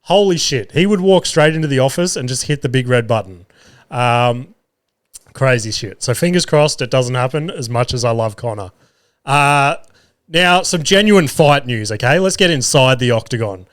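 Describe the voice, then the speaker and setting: Smooth-voiced man rambling on a podcast. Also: medium pitch, lively intonation, moderate pace, a bit bright. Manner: rambling, swears freely, many fillers; loses his words mid-thought. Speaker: podcast host. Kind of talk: solo casual chat.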